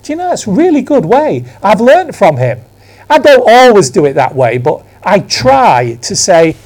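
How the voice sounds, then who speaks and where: A man's voice: sits high, wildly swooping pitch, a little slow. A man in his sixties from England, preaching a conversational sermon in church, telling stories with emphatic asides. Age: 60s. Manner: storytelling, emphatic, self-deprecating asides.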